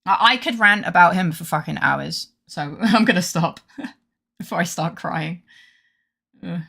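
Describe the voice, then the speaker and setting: A woman's voice: lowish voice, unhurried, gravelly, bright, forceful tone, husky. A woman streamer chatting casually during a game stream, rambling, swearing freely and going on rants. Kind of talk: casual gaming stream chat.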